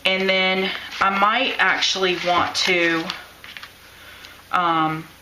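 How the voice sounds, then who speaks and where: A woman's voice: mid-range voice, level tone, very slow, echoey room, noisy background. A woman teaching a live-streamed craft class, chatting and encouraging her viewers while she draws. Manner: chatty, encouraging, thinks aloud while drawing.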